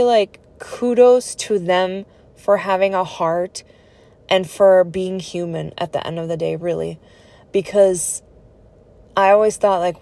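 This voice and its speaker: A woman's voice: lowish voice, a little mellow. A woman telling her own life story in a personal vlog, speaking in an earnest, conversational and reflective way.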